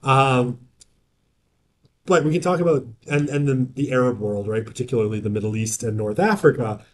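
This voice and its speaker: In a classroom, a man delivers a casual university lecture at normal speed in a medium-pitched voice. He keeps asking the class "right?" to check in and drifts into joking asides.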